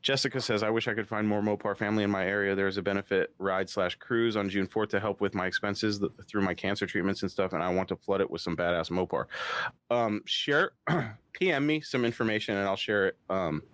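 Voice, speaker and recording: A man's voice: on the low side, steady tone, brisk, fairly bright tone. A man hosting a casual live-stream chat, laughing often and reading viewer comments aloud. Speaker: podcast host.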